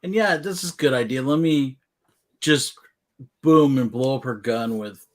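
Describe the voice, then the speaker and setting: A man's voice: mid-range voice, lively intonation, moderate pace. A male guest in a casual comic book discussion, enthusiastic and opinionated.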